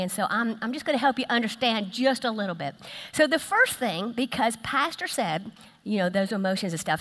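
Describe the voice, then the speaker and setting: A pastor's wife giving a lively, playful sermon, teasing the congregation as she speaks. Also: medium pitch. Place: church sanctuary. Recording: echoey church hall.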